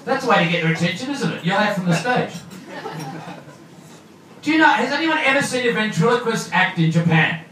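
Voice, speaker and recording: A man's voice: extremely high pitch, big pitch swings, normal speed, long pauses, bright, forceful tone. Australian man doing stand-up in an echoey club. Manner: loose, joking, mixes in Japanese. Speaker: stand-up comedian. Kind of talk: stand-up comedy set. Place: comedy club stage. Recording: echoey room from far off, noisy.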